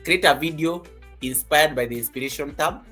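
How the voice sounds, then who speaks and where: A woman from Kenya teaching creators on a live stream, lively and teasing, laughing often. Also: low-pitched, normal speed, faint music behind. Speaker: YouTube coach hosting a live stream.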